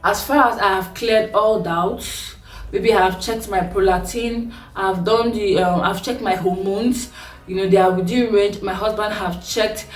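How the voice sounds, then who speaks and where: A young Nigerian woman vlogger telling a personal story, animated and laughing often, her voice swinging sharply in pitch. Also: unhurried. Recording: echoey room, voice a bit far from mic, faint music.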